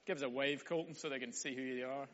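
A man's voice: mid-range voice, steady tone, fast talker, a bit bright. A man preaching a sermon in a wry, conversational way. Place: church hall. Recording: echoey hall, dull sound.

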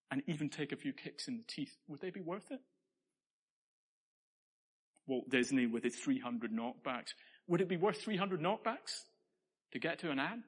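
A man's voice: on the high side, a bit bright, breathy edge, long reverb tail. A man preaching a sermon in a church, earnest and conversational, with playful asides to the congregation.

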